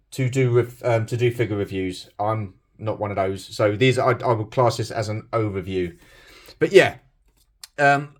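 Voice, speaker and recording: A middle-aged British man chatting casually about his toy collection, rambling and self-deprecating with plenty of fillers. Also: fairly low pitch. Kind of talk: casual unboxing commentary.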